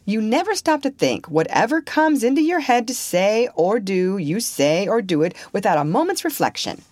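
A woman's voice: medium pitch, sing-song, normal speed, a little mellow, no room sound, clean studio sound, voice pushed up. A woman voicing a stern older village woman who lectures and scolds. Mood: lecturing.

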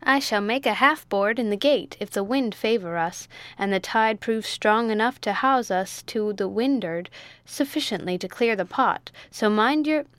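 A woman's voice: medium pitch, moderate pace, fairly bright tone, no echo, close to an everyday voice. A woman reading an audiobook, voicing a bossy middle-aged male sea captain who barks orders. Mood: shouting orders. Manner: barking orders, blustering.

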